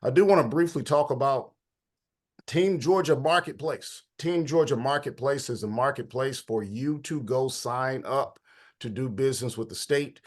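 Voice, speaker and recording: Hosting a laid-back online meeting, this man leads a policy discussion in a chatty, relaxed tone. His medium-pitched voice is somewhat congested, and he greets arriving participants by name.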